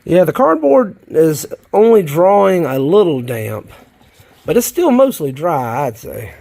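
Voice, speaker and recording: A man's voice: on the high side, sing-song, measured pace, gravelly, a little mellow. A man with a Southern US accent, chatting folksily to viewers in a rambling, casual way while tending his worm bins in a shed. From South Carolina, US. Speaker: worm farmer vlogger. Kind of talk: casual vlog chat while working. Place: garden shed.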